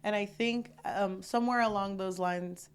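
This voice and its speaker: A woman co-hosting a book podcast in relaxed chat. She gushes and swears, padding her lines with fillers as she recounts scenes. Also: mid-range voice, moderate pace, smooth. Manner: gushing, profane, filler-heavy. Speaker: podcast co-host. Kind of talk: casual book-club chat.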